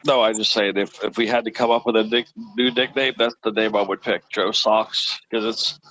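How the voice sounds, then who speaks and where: A man's voice: lowish voice, fairly even intonation, normal speed, sharp tone, low-quality recording. A man hosting a live chat stream, easygoing and teasing, often repeating himself. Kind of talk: casual chat.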